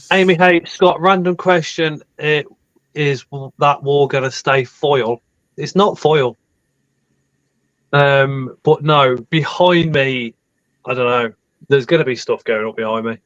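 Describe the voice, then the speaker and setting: A man's voice: mid-range voice, steady tone, slow pace, pauses often, fairly bright tone, no room sound. Chatty Liverpool man on a dull dry mic. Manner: reads out viewer comments, chatty. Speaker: host of live stream. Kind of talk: casual live-stream chat.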